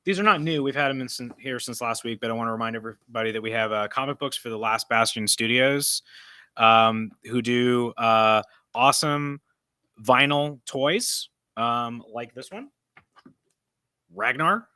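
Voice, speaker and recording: Bright, crisp-voiced man hosting casually. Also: medium pitch, moderate pace, no room sound, studio quality. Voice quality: froggy voice. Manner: rambling, self-correcting, laughs often. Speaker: host. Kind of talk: casual live-stream chat. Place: comic book store.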